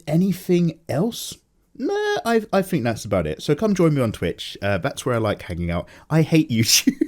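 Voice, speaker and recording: A man's voice: on the high side, a little mellow. A tired man rambling casually and jokily as the host of an unedited chat. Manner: loose, chatty, jokey, many fillers. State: tired, low energy. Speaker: artist and channel host.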